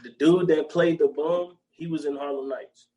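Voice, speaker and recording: A man's voice: a little high, steady tone, moderate pace, mellow, highs cut off. A man co-hosting a podcast in casual chat, rambling and full of slang and repeated filler phrases. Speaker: podcast co-host.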